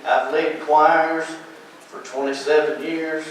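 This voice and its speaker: A man's voice: fairly high pitch, fairly even intonation, slow, slight background noise. An older man, a deacon and choir leader, giving an emotional, preacherly campaign speech at a forum. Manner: preacherly, emotional, repeats himself. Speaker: candidate at a political forum. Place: large echoey hall. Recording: echoey hall from far off.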